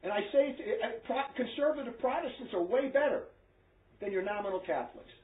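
A man's voice: very high voice, animated, a little fast. Man preaching bluntly over a tinny line. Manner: blunt, emphatic, scolding. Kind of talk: preaching to a small group. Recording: echoey tinny phone-like recording.

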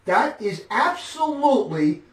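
A man's voice: extremely high pitch, big pitch swings, measured pace, roomy sound, recorded from a distance, low-quality recording. A man hosting a talk show, speaking emphatically and indignantly as he moralizes.

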